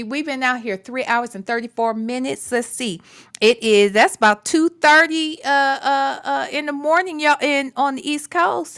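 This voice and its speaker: High-pitched and a bit bright, this woman hosts a late-night reaction livestream. She tosses out sassy, profane remarks and addresses her chat directly.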